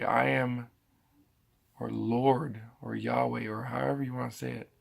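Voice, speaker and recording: A man's voice: medium pitch, flat delivery, measured pace, creaky, husky. A man giving a casual bible teaching, thinking aloud and often restarting his sentences. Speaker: preacher.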